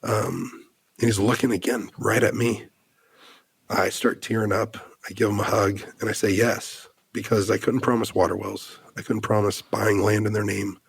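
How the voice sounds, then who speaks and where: A man's voice: lowish voice, level tone, moderate pace, creaky, breathy edge. A man in his thirties from the United States, a podcast guest telling a heartfelt personal story in an earnest way, full of "like" fillers and restarts.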